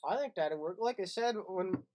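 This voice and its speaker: Joking male host, slightly high voice. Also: animated, normal speed, mellow, rough recording. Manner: joking, reads listener letters aloud. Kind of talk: casual comedic banter.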